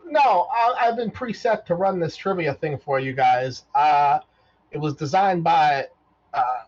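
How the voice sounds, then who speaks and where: A man voicing a cheerful, folksy male robot who runs a trivia game, in a high, bouncy voice full of old-fashioned exclamations. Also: lively intonation, unhurried, a little mellow. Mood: chatty. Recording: dull lo-fi mic.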